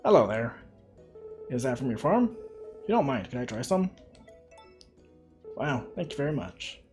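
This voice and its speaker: A man's voice: medium pitch, very animated, normal speed, a little mellow, soft background music, lightly acted. A man voicing a nerdy, sad businessman from a farming game, speaking politely. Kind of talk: voicing a game character while streaming.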